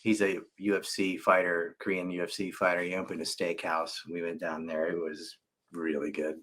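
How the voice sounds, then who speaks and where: A man with a low voice, talking in a loose, animated way during a podcast conversation. He laughs easily while he tells stories and jokes. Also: moderate pace. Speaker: podcast host. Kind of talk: casual conversation.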